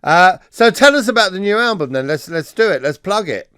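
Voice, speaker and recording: Chatty, jokey radio host, dry sound. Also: male voice, high-pitched, expressive, a little fast, fairly bright tone, clear, resonant tone, no room sound. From North Wales. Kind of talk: radio interview chat.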